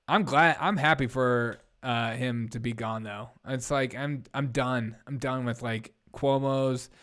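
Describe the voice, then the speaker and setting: A man's voice: medium pitch, fairly even intonation, a little slow, a bit bright. A young man hosting a casual live stream, rambling bluntly and reading out viewer comments. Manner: blunt, rambling, reads chat aloud.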